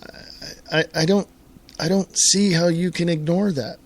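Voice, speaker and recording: A middle-aged American man hosts his own internet radio talk show alone, in a fairly high voice. He rants in an exasperated way and keeps repeating and restarting his words as he gets worked up. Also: steady tone, measured pace. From United States. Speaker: host.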